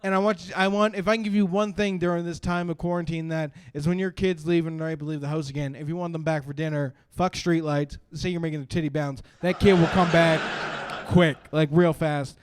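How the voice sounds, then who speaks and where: A man's voice: a little high, fairly even intonation, fairly quick, clear, resonant tone, no echo. Rambling stand-up comic man, dry sound. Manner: rambling, lots of "like" and "uh", sudden loud bursts. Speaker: stand-up comedian. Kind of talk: stand-up comedy set.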